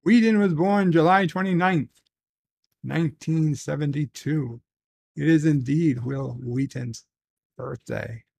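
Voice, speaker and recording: A man with a gravelly, creaky voice, pitched a little high for a man, reads viewer letters aloud on a casual solo stream. He talks very slowly, trips over his words and drops into muttered asides. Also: darkish tone. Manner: slow, halting, with frequent restarts and muttered asides. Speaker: host reading viewer messages. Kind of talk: casual solo livestream chat.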